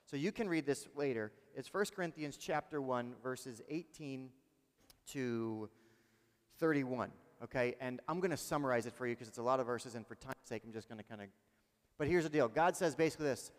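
A male pastor preaching a sermon in a lively, conversational way, asking the congregation questions. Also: medium pitch, a little fast, in a large hall.

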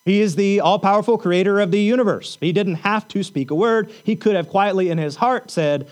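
High-voiced man preaching a sermon. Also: normal speed, few pauses. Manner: earnest preaching with repeated phrases. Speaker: pastor.

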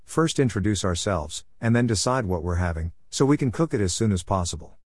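A man reading the lines of a kindly, practical grandmother who runs a camp, in his own lowish voice. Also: animated, brisk, dry recording, clean studio sound. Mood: friendly. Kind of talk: scripted narration.

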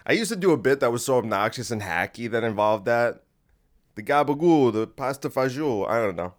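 A man's voice: medium pitch, expressive, fairly quick. Rambling, combative male podcast host. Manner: rambling, combative, talking to the listener. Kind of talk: casual comedic rant. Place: home room in a creaky chair.

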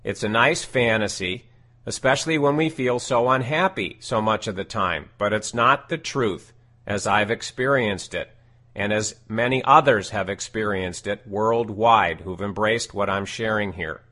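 A man giving scripted self-help teaching in a deliberate, emphatic way, repeating his key phrases. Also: lowish voice, pushed and bright.

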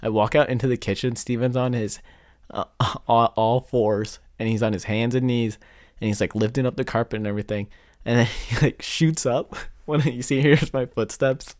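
A man's voice: medium pitch, steady tone, moderate pace, a little mellow, no room sound, clean studio sound. A young man in casual chat, laid-back, laughing as he talks and swearing now and then.

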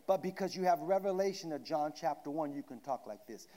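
A man preaching a sermon, swinging from shouted declarations down to hushed asides. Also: a little high, animated, brisk, few pauses.

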